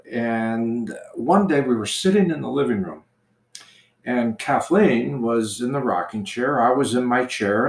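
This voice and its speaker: A man who is a priest, telling a personal story slowly and gently in casual conversation. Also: mid-range voice, vocal fry. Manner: slow, gentle storytelling with restarts. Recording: echoey room.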